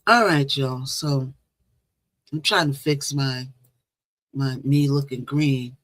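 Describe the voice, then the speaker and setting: A woman's voice: extremely low pitch, slow, dry recording. Chatty woman hosting a live stream. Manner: chatty, repeats phrases, talks to viewers directly. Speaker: livestream host. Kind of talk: casual live-stream chat.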